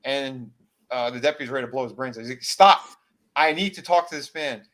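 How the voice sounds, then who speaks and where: Animated man retelling a film. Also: medium pitch, fast talker. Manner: animated retelling, acts out character lines. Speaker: podcast co-host. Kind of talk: casual movie recap chat.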